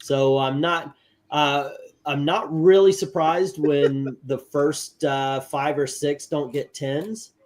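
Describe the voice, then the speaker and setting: A man hosting a casual live stream, rambling in a relaxed way. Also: fairly high pitch, takes it slowly. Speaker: host.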